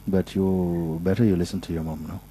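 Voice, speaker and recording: A man speaking as a spiritual teacher, patiently and softly giving advice at a gathering, often restarting his sentences. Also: deep voice, level tone, a little fast, a little hiss or hum, low-quality recording. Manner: patient, soft-spoken, with frequent restarts. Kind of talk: gentle advice in a question session.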